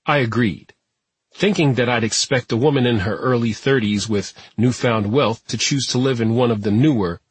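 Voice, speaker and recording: A man narrating an audiobook at a steady, even pace. His voice is mid-pitched with a noticeably husky, breathy grain. The recording is dry and close, with no room sound. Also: moderate pace, dry recording. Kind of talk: scripted narration.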